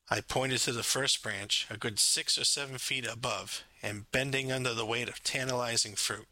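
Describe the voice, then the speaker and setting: A man from France narrating his own memoir in a measured, wry storytelling manner. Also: mid-range voice, steady tone, bright, forceful tone, dry recording. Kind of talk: scripted narration.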